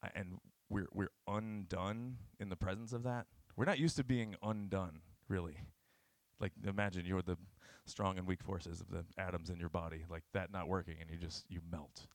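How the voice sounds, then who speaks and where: A young man preaching in a casual, earnest way, with his voice sitting on the low side. He jumps from quiet, hushed lines to sudden loud bursts. The sound is dry and close, with no room echo. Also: steady tone, moderate pace. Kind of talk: informal sermon retelling scripture.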